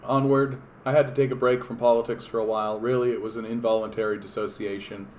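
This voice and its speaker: A man's voice: mid-range voice, level tone, fast, a little mellow, slight background noise. A man from Canada hosting a political livestream, talking in a casual, rambling, profane and sardonic way with lots of fillers and restarts.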